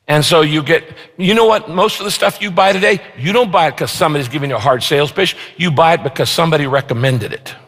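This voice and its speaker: A man preaches from the pulpit with a somewhat high-pitched voice, stretching out important phrases for emphasis. His words ring out with the long reverb of a big church sanctuary. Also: fairly bright tone. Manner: emphatic, slows down to stress key phrases. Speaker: pastor. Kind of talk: sermon.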